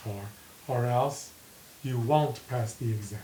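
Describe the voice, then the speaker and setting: Male English teacher, slow and deliberate classroom delivery, roomy sound with light hiss. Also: mid-range voice, a little mellow. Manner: slow, deliberate dictation, reading punctuation aloud. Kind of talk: classroom grammar lesson. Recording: echoey room with faint hiss.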